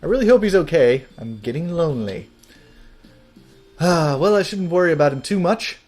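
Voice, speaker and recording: A man's voice: fairly high pitch, lively intonation, moderate pace, a little mellow, faint music behind, voice pushed up. A man reading a naive young girl shopkeeper from a video game in a raised, chirpy voice.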